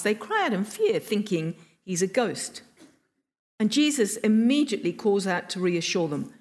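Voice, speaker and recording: A woman preaching a sermon, telling a story expressively with emphatic pauses. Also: mid-range voice.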